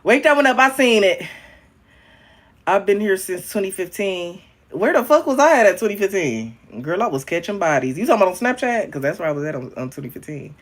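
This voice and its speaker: A young man chatting casually on a livestream, frank and profane, calling viewers honey and babe, his voice jumping up and down in pitch and loudness. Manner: talks directly to viewers, calling them honey, babe and queen. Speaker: livestreaming social media creator.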